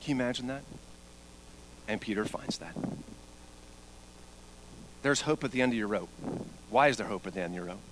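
A man preaching a sermon, telling a story and moving between quiet, low passages and loud, high-pitched peaks. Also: expressive, moderate pace, long pauses, background noise. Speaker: pastor.

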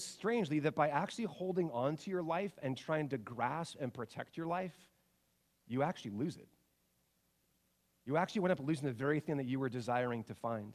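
Animated high-voiced male pastor. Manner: animated, rhetorical questions, swings from loud to hushed. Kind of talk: sermon.

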